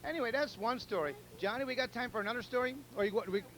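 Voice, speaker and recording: A man's voice: very high voice, racing, fairly bright tone, low-quality recording. A man hosting a telethon, rambling through jokes and appeals with repeated words and chuckles. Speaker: telethon host. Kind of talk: casual joke-telling and fundraising appeal.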